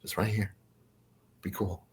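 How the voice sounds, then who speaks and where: A man doing a hushed, urgent gray alien. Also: fairly low pitch, little pitch movement, measured pace, husky. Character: tall gray alien handler, protective and calm.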